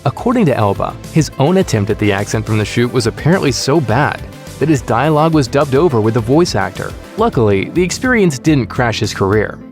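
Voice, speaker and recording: A man reading a scripted entertainment narration in a smooth, upbeat presenter manner. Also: mid-range voice, big pitch swings, brisk. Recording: voice-over with faint music bed.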